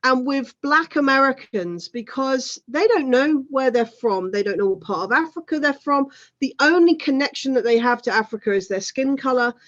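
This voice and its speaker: A talkative woman in her thirties speaks as an interview guest. She talks in a fairly high voice and fills her points with "you know" asides. Her sound comes through dull and lo-fi, like an online call. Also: lively intonation, normal speed. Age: 30s. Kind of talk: casual conversation.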